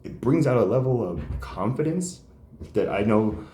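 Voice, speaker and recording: A man's voice: medium pitch, normal speed. A man who does stand-up comedy, telling stories in a casual, rambling way with many fillers. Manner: animated, rambling, frequent fillers. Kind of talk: casual storytelling chat. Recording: roomy echo.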